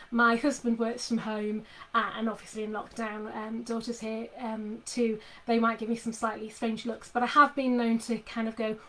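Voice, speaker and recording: A middle-aged woman talks casually with readers from her desk at home. Her voice sits a little high, and she rambles warmly through fillers and restarts as she chats. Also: poor audio. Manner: chatty, many fillers and restarts. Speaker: author talking to readers. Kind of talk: casual live chat with readers. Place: home office.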